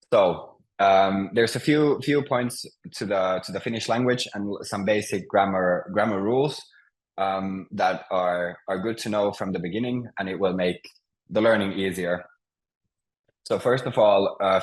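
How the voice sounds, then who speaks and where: A man teaching a language class over a video call, speaking patiently with many pauses and restarts. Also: low voice, low-quality recording. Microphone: computer mic on a video call.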